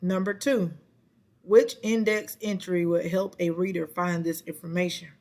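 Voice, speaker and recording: A person slowly reading a short science passage and quiz questions aloud, stopping now and then to correct themselves. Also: mid-range voice, fairly even intonation, a little mellow. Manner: slow, careful reading with self-corrections. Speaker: reading lesson reader.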